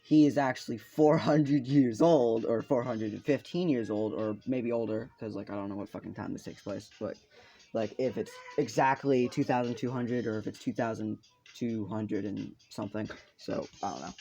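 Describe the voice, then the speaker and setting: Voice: mid-range voice, steady tone, normal speed, dark tone, poor audio. A storyteller improvising a fan-fiction tale in a rambling, casual way, full of fillers and swearing, over faint game music. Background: faint video game music.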